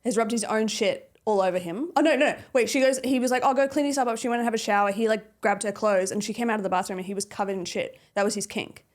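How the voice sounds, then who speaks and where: A woman co-hosting a podcast, reading quiz questions and retelling stories in casual chat, laughing as she goes. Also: medium pitch. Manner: laughing, reads questions haltingly. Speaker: podcast co-host.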